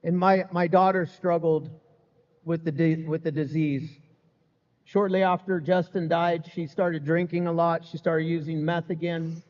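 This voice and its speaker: A middle-aged man with a fairly high voice gives a candid, joking testimony to a live crowd, speaking loosely and conversationally. His voice rings out in a long hall reverb, and the sound is a bit muffled. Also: level tone, measured pace, a little mellow. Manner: candid, humorous, conversational, peppered with "man" and "you know". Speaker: speaker sharing his recovery story. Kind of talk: live recovery testimony to an audience. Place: event hall with live audience.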